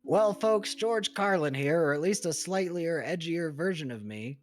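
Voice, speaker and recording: A man's voice: a little high, expressive, normal speed, close to an everyday voice. A man voicing a male AI chatbot that does edgy stand-up comedy, with punchy joke setups. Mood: joking. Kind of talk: reading chatbot replies aloud.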